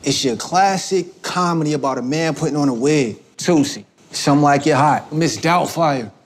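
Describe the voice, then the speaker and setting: Streetwise man with fast patter. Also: on the high side. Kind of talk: scripted comedy acting.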